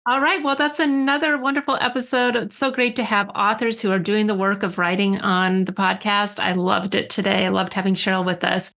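A woman's voice: mid-range voice, level tone, fairly quick, few pauses, fairly bright tone. A woman co-hosting a podcast, chatting casually and enthusiastically, laughing as she talks. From United States. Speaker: podcast co-host.

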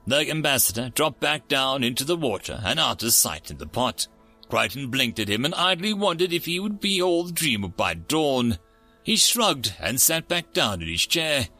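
A man narrating a story aloud in an expressive, animated audiobook reading. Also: medium pitch, normal speed, faint music behind.

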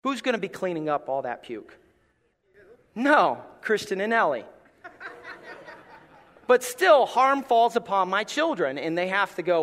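A middle-aged man, a pastor, preaching a sermon with animated storytelling and playful asides. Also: on the high side, normal speed, big-room sound.

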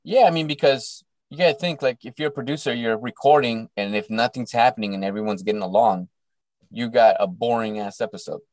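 A man co-hosting a casual podcast, rambling and often clearing his throat. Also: medium pitch, a little fast, dry recording. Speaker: podcast co-host. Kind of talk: casual chat.

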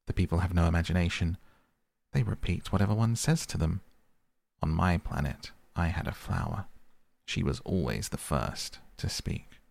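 A man voicing a small, polite, wistful boy prince in an audiobook reading, earnest and soft. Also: low-pitched, normal speed, creaky, no room sound. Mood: lonely.

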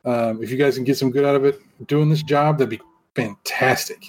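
A man's voice: medium pitch, fairly even intonation, fairly quick, close to an everyday voice. A man doing a frank enclave founder. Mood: candid. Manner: casual, rambling with fillers.

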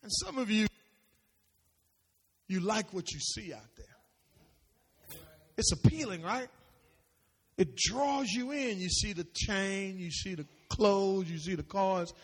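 A man preaching a sermon as pastor, calling out questions for the congregation to answer and sometimes shouting. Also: sits high, animated, takes it slowly, pauses often, husky. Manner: preachy call-and-response, rising to shouts. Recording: long reverb of a large hall.

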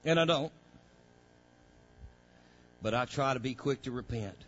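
A man preaching a sermon as pastor, calling out to the congregation and swelling into fervent, loud passages. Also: mid-range voice, unhurried, dull audio. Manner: preaching with call-outs to the congregation, rising to loud fervor.

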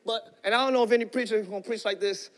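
A male pastor preaching a sermon with fervent energy, often shouting and calling out to the congregation. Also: high voice, steady tone, racing.

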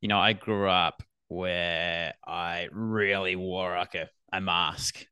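A man's voice: deep voice, steady tone, slow pace, bright, forceful tone, smooth, dry recording, clean studio sound. An Australian man, a business coach, chatting easily as a podcast guest, laughing often and trailing off while he thinks. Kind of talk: casual podcast conversation.

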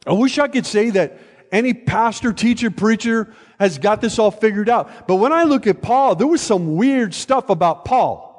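A fairly high-voiced older man preaching in a church, his words trailing into a long hall reverb. He keeps it conversational, dropping jokes and checking whether his listeners are still with him. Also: expressive, normal speed, darkish tone. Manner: conversational, joking asides, checks in with the congregation. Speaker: pastor. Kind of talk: sermon. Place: church sanctuary.

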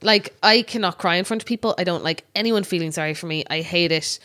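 A woman's voice: lowish voice, quick pace, fairly bright tone. An Irish woman co-hosting a podcast, chatting candidly and telling a personal story, with casual swearing. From Ireland. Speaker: podcast co-host. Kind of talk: casual chat.

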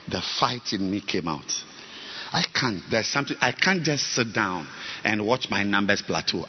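A male pastor preaching a sermon, swinging between soft talk and sudden loud shouting. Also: lowish voice, lo-fi sound, a little hiss or hum.

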